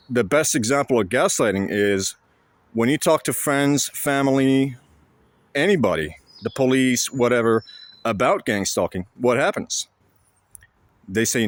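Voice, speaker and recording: A man talking to camera in a casual explanatory monologue, halting and blunt, with frequent fillers and restarts. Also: medium pitch, animated, no echo. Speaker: vlogger.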